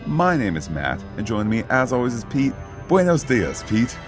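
A man's voice: medium pitch, sing-song, brisk, over music. A man hosting a casual podcast, bantering playfully with his co-host and leading the show.

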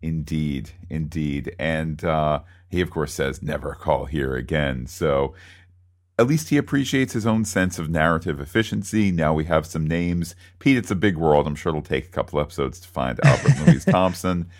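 A man's voice: very deep voice, animated, normal speed. A man co-hosting a podcast, recapping a TV episode in a wry, wordy, playful way. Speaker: podcast co-host.

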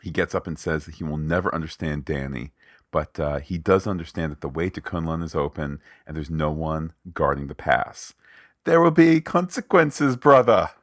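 Deep-voiced man wryly recapping a show. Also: fairly even intonation, normal speed, dry recording, studio quality. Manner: wry, digressive, retells scenes with quoted lines. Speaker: podcast co-host. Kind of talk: casual episode recap.

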